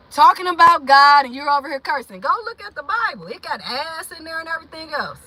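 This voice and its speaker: A woman hosting her own channel, talking to viewers in an impassioned, preachy way that swings from shouting to low, muttered asides. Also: slight background noise, low-quality recording. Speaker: channel host. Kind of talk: impassioned livestream talk.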